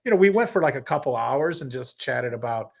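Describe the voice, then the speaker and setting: A man, a comedian guest on a podcast, telling stories in a lively, casual way and breaking into impressions. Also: mid-range voice, a little fast, creaky. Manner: animated storyteller, slips into impressions. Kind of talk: casual interview storytelling.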